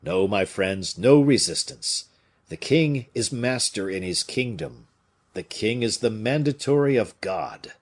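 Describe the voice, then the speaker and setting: A man's voice: on the low side, expressive, unhurried. A man voicing a grave noble bishop who commands and pleads with a crowd. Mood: solemn.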